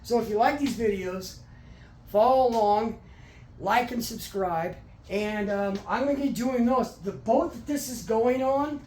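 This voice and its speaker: A man's voice: extremely high pitch, a little mellow, slight background noise. Rambling man in an echoey garage. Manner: rambling, halting, many restarts. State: out of breath. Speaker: garage channel host. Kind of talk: casual workshop vlog. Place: home garage.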